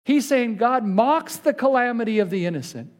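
A man preaching a sermon, reading scripture aloud and slowing down on key words for emphasis. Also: very high voice, lively intonation. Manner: reads scripture aloud with rising intensity, slows for emphasis. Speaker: pastor.

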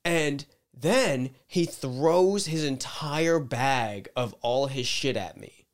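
A young man co-hosting a podcast, telling a story in casual chat, animated and swearing, acting out the people he quotes. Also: medium pitch, takes it slowly. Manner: animated, acts out quotes loudly, swears a lot. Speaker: podcast co-host.

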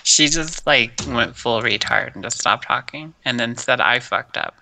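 A man's voice: medium pitch, moderate pace, creaky, pushed and bright, slight background noise, low-quality recording. A man co-hosting a casual chat, blunt and heavy on profanity.

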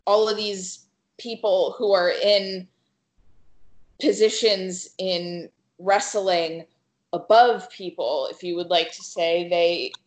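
A woman's voice: fairly low pitch, fairly even intonation, slow pace. A woman podcast host speaking emphatically in casual chat, swearing heavily. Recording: echoey room.

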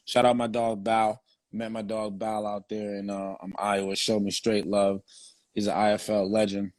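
Laid-back, low-voiced man spinning stories. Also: level tone, moderate pace, a little mellow, no room sound. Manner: slang-heavy, profane, laid-back storytelling. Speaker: guest, former football player. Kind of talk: casual storytelling interview.

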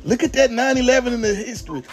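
High-voiced laid-back podcast host. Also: male voice, expressive, quick pace, faint music behind. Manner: loose, laughing, slangy banter. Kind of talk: casual podcast chat.

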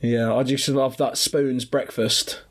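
A man's voice: mid-range voice, flat delivery, a little slow. A young man co-hosting a podcast, easygoing and agreeable in casual chat. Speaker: podcast co-host.

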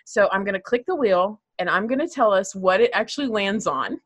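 A woman hosting a casual chat show, running a silly party game, giggly and animated. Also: mid-range voice, a little fast, no room sound. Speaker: host.

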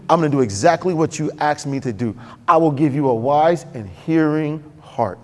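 Male pastor, fairly high voice, chatty preaching, slips into the voices he quotes, echoing sanctuary. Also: a little mellow. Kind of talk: sermon.

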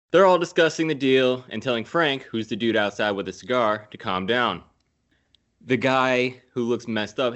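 A man's voice: fairly low pitch, a bit bright. A man casually recapping a movie scene by scene, swearing freely and laughing at his own jokes. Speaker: podcast host recapping a film.

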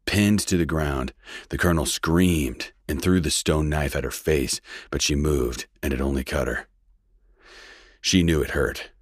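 A man narrating a western story in a steady, measured reading. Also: extremely low pitch, breathy edge, no echo, clean studio sound. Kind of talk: scripted audiobook narration.

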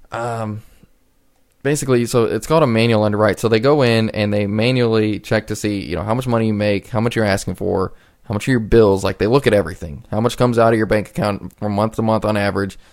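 Low-voiced young man, rambling podcast talk. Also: a little fast, darkish tone. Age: 20s. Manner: rambling, conversational, frequent restarts. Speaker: podcast host. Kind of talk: casual solo podcast talk.

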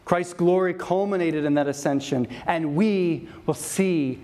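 A male pastor delivering an evening sermon in a slightly higher-than-usual voice. He preaches with earnest emphasis and returns to key phrases again and again to drive his points home. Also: unhurried, darkish tone.

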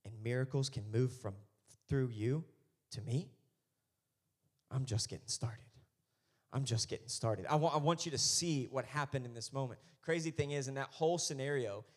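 Male pastor, sermon, conversational preaching, rising to loud fervent stretches, mid-pitched voice.

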